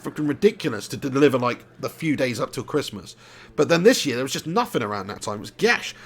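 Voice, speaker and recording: A man's voice: mid-range voice, sing-song, quick pace, gravelly, slightly rough. A man from England, chatting casually and laughing often while commentating a live game stream. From southern England. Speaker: gaming streamer. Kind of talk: live gameplay commentary and chat.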